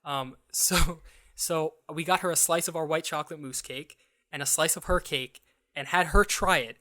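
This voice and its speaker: A young man co-hosting a podcast, telling a story in a casual, animated way and acting out the other people's lines. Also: a little high, background noise. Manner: animated, acts out quoted dialogue; restarts and fillers, quick asides. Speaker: podcast co-host.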